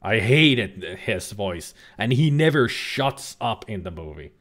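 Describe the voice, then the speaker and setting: A man's voice: fairly low pitch, big pitch swings, slow, fairly bright tone. A man giving casual, rambling let's-play commentary as a streamer, joking and now and then swearing. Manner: chatty, rambling, jokey, occasional swearing.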